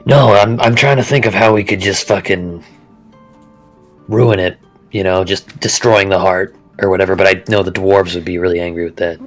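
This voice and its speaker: A man's voice: low-pitched, steady tone, moderate pace, faint music behind, low-quality recording. A man playing a tabletop role-playing game, talking in a wry, joking way. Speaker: player. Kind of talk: casual tabletop game play.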